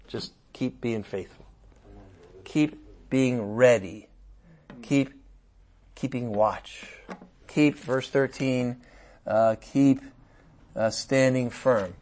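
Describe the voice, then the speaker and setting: A man preaching a sermon in a conversational, animated way, with playful asides and sudden outbursts. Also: medium pitch, very slow, long pauses.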